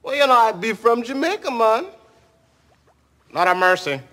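A man's voice: expressive, a bit bright, husky, heavily acted. A man playing a character who falsely claims to be Jamaican and answers every question evasively. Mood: boastful. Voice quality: high, drawn-out put-on accent. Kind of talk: comedy sketch clip.

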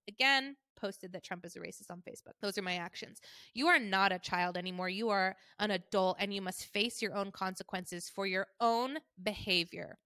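A woman's voice: a little high, sharp tone, dry recording. A woman reading her mother's message aloud while imitating her mother as a stern, self-righteous middle-aged mom who lectures emphatically.

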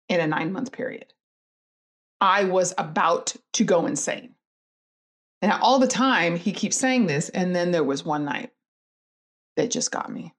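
Middle-aged woman, low-ish voice, earnest and candid storyteller, many fillers. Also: a bit bright. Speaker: guest telling her story. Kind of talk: personal storytelling.

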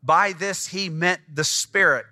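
Bright-voiced animated male preacher. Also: high-pitched, takes it slowly. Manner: animated, asks the congregation questions. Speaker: pastor. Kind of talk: sermon.

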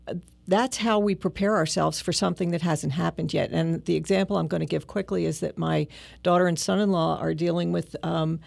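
Gravelly co-host, 60s, earnest and halting, lots of ums, dry sound. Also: medium pitch, a little mellow, no room sound. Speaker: podcast co-host. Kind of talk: casual podcast chat.

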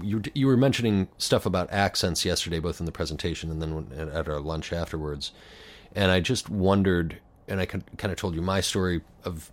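A man with a very deep voice interviews a guest in a studio. His questions ramble and are padded with fillers and restarts. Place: recording studio.

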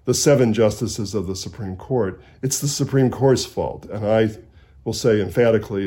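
Low, mellow-voiced male author. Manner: measured and emphatic, with restarts. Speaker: author and historian guest. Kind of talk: conversational interview.

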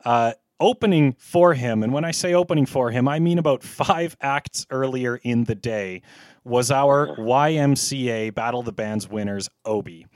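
A man hosting a casual podcast, his voice sitting at an ordinary pitch. He stumbles through his intros with many fillers and restarts. The recording is dry, with little room sound. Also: a little mellow, no echo. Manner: halting, lots of fillers and restarts. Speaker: podcast host.

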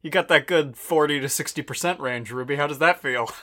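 A man's voice: fairly high pitch, a little fast, fairly bright tone. A young man, a player on a tabletop game podcast, chatting in a laid-back, joking way. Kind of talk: casual chat.

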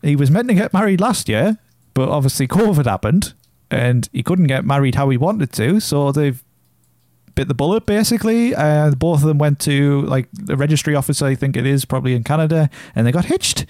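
Playful Geordie man, lively voice. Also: a little high, brisk, dry recording, clean studio sound. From North East England. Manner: playful, laughs often. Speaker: podcast co-host. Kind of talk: casual chat.

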